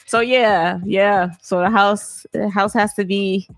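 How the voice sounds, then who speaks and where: A woman co-hosting a podcast, bantering loudly, swearing and breaking into laughter. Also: medium pitch, steady tone, slow, no room sound, soft background music. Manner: loud, laughing, profane banter. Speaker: podcast co-host. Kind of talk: casual podcast chat.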